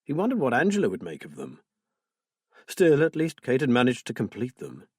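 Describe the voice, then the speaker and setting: A man narrating a crime thriller audiobook in a measured, subdued way, with a husky voice. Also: mid-range voice, huge pitch swings, no echo, studio quality. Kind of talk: scripted narration.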